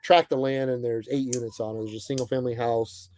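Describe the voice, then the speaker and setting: A young man hosting a casual livestream, greeting viewers by name and chatting in a relaxed, friendly way with plenty of fillers. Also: mid-range voice, quick pace, dry recording. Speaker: livestream host. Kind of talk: casual chat reading viewer comments. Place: bus, indoors.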